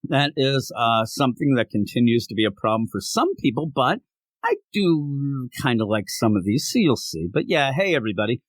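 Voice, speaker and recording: Man, podcast host, sick, short of breath, joking, lively pitch, dry sound. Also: normal speed, no room sound. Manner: joking, rambling, teasing. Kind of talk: casual comic book podcast chat.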